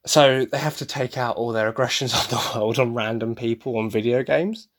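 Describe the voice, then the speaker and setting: A young man from the UK chats on his podcast in a loose, rambling way. He sounds tired, swears freely and breaks into laughs between points. His voice sits at an ordinary middle pitch. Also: normal speed. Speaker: podcast host. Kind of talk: casual solo chat.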